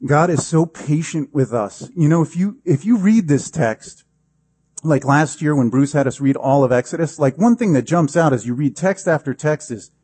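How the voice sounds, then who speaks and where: A man's voice: on the high side, moderate pace, a little mellow, breathy edge, dry recording. A pastor preaching a sermon in a conversational, emphatic way, acting out the quotes he gives.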